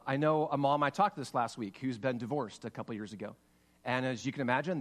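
A man in the pulpit talks through his sermon in a direct, conversational way. He is earnest and sincere, and he piles up short lists of words one after another. His voice sits at an ordinary middle pitch. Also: in a large hall. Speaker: pastor.

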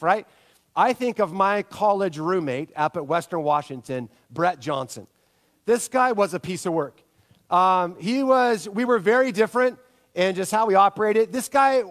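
A pastor in his thirties preaches with a high, bright-edged voice. He tells stories with lots of energy and keeps asking his listeners for a nod. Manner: storytelling, animated, asks the audience for agreement. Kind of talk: sermon.

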